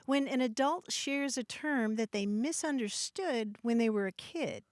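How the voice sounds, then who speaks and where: Higher-voiced woman co-hosting a radio show. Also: a little slow, no echo, studio quality. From Kentucky. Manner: friendly, asks callers questions, explains. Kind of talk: radio talk show conversation.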